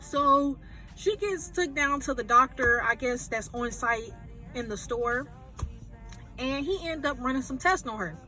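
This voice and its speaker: A woman movie reviewer retelling a film plot in an animated, chatty way. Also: sits high, measured pace, faint music behind. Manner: animated, chatty storytelling with fillers.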